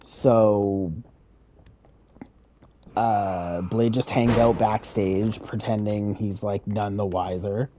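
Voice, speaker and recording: A man's voice: on the low side, steady tone, slow pace, pauses often, mellow, a little hiss or hum. A man casually retelling a wrestling game storyline, rambling and profane, with chuckles. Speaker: gaming creator.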